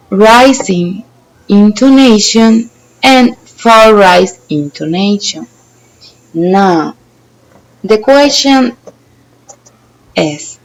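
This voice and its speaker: A young woman whose first language is Spanish, giving a student presentation on intonation, slow and careful with many pauses. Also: a little high, low-quality recording. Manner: slow, careful, pausing often.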